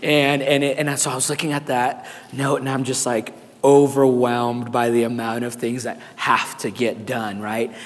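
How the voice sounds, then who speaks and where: Raspy-voiced pastor preaching in a hall. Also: male voice, mid-range voice, moderate pace. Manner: animated preaching with congregation call-and-response. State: hoarse. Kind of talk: sermon.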